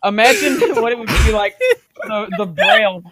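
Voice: medium pitch, sing-song, moderate pace, vocal fry, a loud crowd. A podcast co-host chatting casually, stammering and dissolving into laughter as he talks. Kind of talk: casual chat. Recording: loud background noise.

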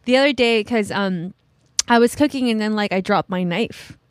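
A woman's voice: medium pitch, normal speed, no room sound, clean studio sound. A young woman, a mother, chatting casually with many fillers and easy laughter. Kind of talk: casual chat.

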